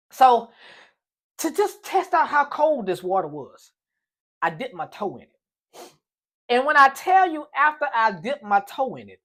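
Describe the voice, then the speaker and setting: A man tells a comic story from his own life in a story time vlog, animated and playful. His voice sits high and swings up and down a lot as he hams up each beat.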